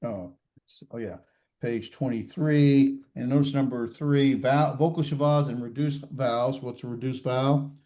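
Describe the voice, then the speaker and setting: A man lectures a grammar class in a warm, mellow voice. He stops often with "uh" and restarts his phrases. He keeps throwing questions at his students. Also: mid-range voice, steady tone. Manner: halting, many fillers and restarts, quizzing students. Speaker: Hebrew grammar instructor. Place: classroom or online class session.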